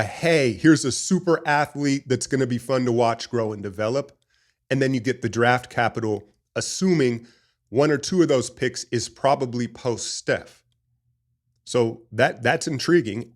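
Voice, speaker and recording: A man hosting a casual basketball talk show, rambling and opinionated in an animated fan's way. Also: mid-range voice. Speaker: sports podcast host. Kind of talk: casual sports commentary.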